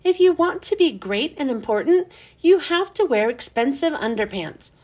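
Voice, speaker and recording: A woman voicing a calm, reassuring schoolteacher in a storybook reading. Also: sits high, moderate pace. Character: calm grown-up woman teacher.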